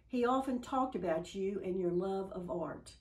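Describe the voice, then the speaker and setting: A woman voicing a humble, grateful young male soldier in a story she is telling, speaking slowly and earnestly. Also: medium pitch, a little mellow, lightly acted, poor audio.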